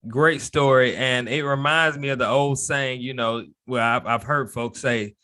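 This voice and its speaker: A male podcast host speaks in a friendly, easygoing way. His voice is bright and forward. His pitch sits in a middle range. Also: measured pace. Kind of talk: casual conversation.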